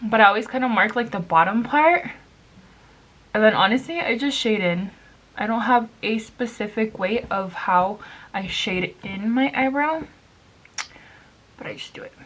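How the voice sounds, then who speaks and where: A woman's voice: fairly high pitch, lively intonation, measured pace, long pauses, a bit bright. A young woman telling a story in a casual, chatty way while doing her makeup, swearing freely and slipping in Spanish phrases. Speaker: beauty vlogger.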